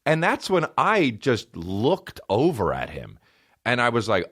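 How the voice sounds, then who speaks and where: A man's voice: medium pitch, wildly swooping pitch, measured pace, fairly bright tone, husky. A man in his thirties hosting a podcast, telling a long comedic story with lots of swearing and acting out quoted people in different voices. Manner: rambling, profane, acts out quoted people in shifting voices. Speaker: podcast host.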